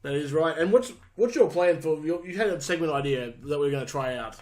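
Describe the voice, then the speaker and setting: A man's voice: on the high side, expressive, fast, a little mellow. A man co-hosting a casual chat podcast, reacting in an upbeat way. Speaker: podcast co-host.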